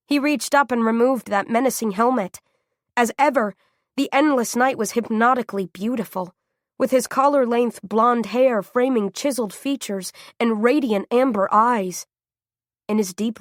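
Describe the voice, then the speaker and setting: A woman reading a first-person novel aloud as audiobook narrator, in a tense, dramatic, measured way. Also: mid-range voice, no echo, clean studio sound.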